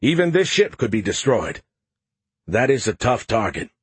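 A man's voice: medium pitch, sing-song, normal speed, breathy edge, no echo. A man voicing a smug, boastful male alien AI that mocks the humans in a playful, snarky way.

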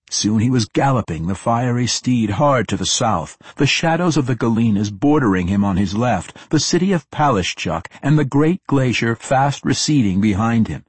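A male audiobook narrator with a low-pitched, slightly husky voice who tells a fantasy adventure in a steady, descriptive way. The read is close and dry, with no room sound around it. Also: no echo. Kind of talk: scripted narration.

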